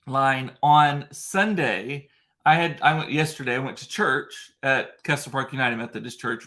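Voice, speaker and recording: A man's voice: mid-range voice, bright, forceful tone. A man hosting a casual livestream from his computer, telling a long story with lots of fillers, restarts and emotion. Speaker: livestream host. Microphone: computer mic in front of a ring light.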